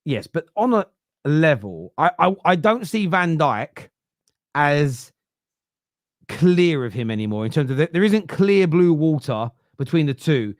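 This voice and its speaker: A man's voice: a little high, sing-song, unhurried, dry recording, studio quality. Southern English man hosting a football chat. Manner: argumentative, reasoning aloud with frequent restarts. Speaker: podcast host. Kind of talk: casual chat.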